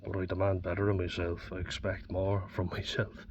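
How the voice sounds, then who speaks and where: A man's voice: low-pitched, level tone, normal speed. A man with an Irish accent talking bluntly and candidly, swearing often, in a personal reflective monologue. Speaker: vlogger. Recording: dull distant mic with faint background noise.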